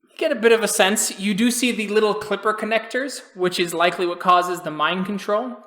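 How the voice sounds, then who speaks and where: A man running a tabletop game as game master, narrating scenes and explaining rules calmly. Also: high voice, a little fast, roomy sound.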